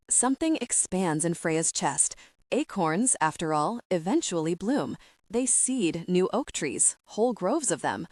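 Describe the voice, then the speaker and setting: A woman narrating a young adult audiobook in a measured, steady storytelling voice on a close studio mic. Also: lowish voice, no echo. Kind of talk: scripted narration.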